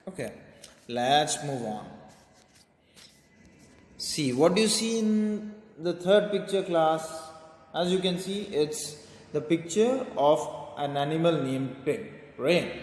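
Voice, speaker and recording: A man teaches a children's poem to his class, explaining each word and checking in with "okay" and "right". His voice sits a little high and his pace is slow. The recording is roomy, with a long reverb. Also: a little mellow. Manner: explains simply, repeats words, says okay and right often.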